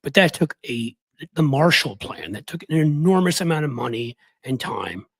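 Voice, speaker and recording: A man hosting a political live stream, raspy from the flu, talking bluntly and conversationally to his viewers. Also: a little high, big pitch swings, normal speed, fairly bright tone, dry recording, low-quality recording. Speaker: political commentary host.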